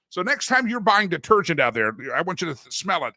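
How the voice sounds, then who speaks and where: A man's voice: fairly high pitch, sing-song, fairly quick, pushed and bright, no room sound. Rambling, joking middle-aged male talk host. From Deep East Texas. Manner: rambling, joking, self-interrupting. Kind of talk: casual chat.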